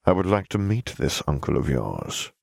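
A man voicing a cold, cryptic male wizard who speaks in a measured, aloof and faintly menacing way. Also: rumbling low, very animated, vocal fry, no echo, studio quality, voice pushed down, full character voice. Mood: cool, cryptic.

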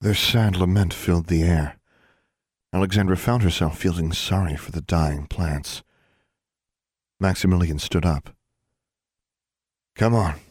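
A man narrating a fantasy audiobook in a measured, expressive reading. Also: deep voice, breathy edge, dry recording, studio quality. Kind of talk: scripted narration.

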